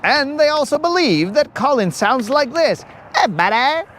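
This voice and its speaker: A man's voice: very high-pitched, expressive, moderate pace, fairly bright tone, a little hiss or hum. A man hosting a live fishing stream, chatting casually and teasing his viewers in a playful, rambling way. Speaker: fishing livestream host. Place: outdoors on a lake.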